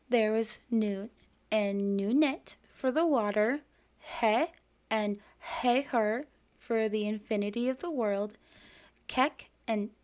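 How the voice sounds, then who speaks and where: Slow, chatty woman explaining myths. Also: medium pitch. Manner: chatty asides addressed to the viewer; self-deprecating about pronunciation. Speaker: mythology channel host. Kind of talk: casual educational narration.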